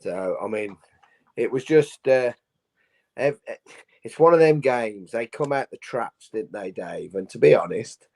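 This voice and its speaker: A hoarse man, a pundit on a fan phone-in, talking bluntly and boastfully and tagging his points with questions. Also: medium pitch, expressive, unhurried, darkish tone.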